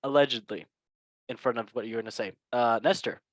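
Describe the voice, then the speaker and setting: A man's voice: mid-range voice, fairly quick, fairly bright tone, dry recording. Guy hosting football chat, joking around, dry close sound. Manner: joking, chatty, laughs at own lines. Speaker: podcast host. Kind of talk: casual football news chat.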